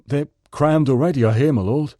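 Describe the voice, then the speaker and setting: A man voicing a worried male chauffeur who speaks loudly and defers to his master. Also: medium pitch, normal speed, no room sound, studio quality, pitched above the performer's own voice, natural voice. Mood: deferential.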